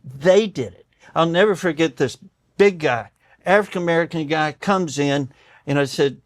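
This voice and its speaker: A man's voice: fairly high pitch, normal speed, dry recording. An older man, a doctor, telling stories in a conversation and acting out the voices of the people in them. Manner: animated storyteller acting out quoted voices, tears up. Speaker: doctor and guest. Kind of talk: storytelling in conversation.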